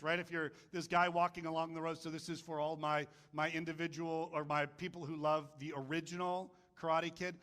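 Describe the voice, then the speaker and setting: A man's voice: fairly high pitch, fairly quick, few pauses. A man preaching a casual, joking sermon, telling stories and doing voices for the people in them. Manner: jokey, animated storytelling with voices. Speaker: pastor.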